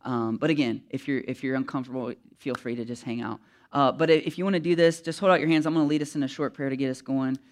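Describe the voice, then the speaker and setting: A man's voice: medium pitch, steady tone, fast talker. A man as pastor, giving loose, conversational instructions from the front of a church service, with many fillers and restarts. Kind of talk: casual sermon instructions.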